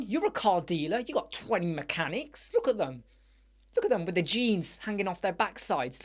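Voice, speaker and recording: A man hosting a live Q&A chat show, rambling and animated, with many fillers. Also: sits high, fairly quick. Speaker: host. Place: dark room with soundproof panels.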